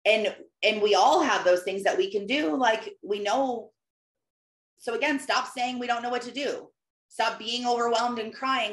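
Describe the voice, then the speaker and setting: A woman's voice: fairly high pitch, normal speed. A woman Christian life coach giving an emphatic, conversational motivational talk, often repeating phrases. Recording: roomy echo.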